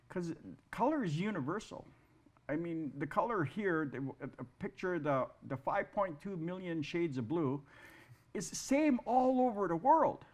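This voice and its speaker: A man who is an artist, talking in a casual interview, halting and repeating words, with self-deprecating humor. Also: on the high side. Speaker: guest artist.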